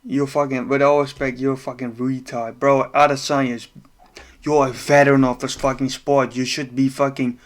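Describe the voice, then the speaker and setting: A man's voice: medium pitch, moderate pace. A man breaking down a fight in a casual, profane rant, exasperated and laughing at times. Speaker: MMA commentator.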